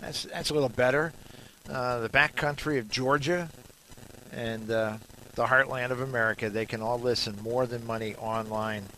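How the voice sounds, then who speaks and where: Male radio host on remote at a garden store: bright and punchy, rambling, jokey, lots of filler pauses. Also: medium pitch, fairly even intonation, slight background noise, low-quality recording. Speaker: radio talk show host. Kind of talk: casual radio chat.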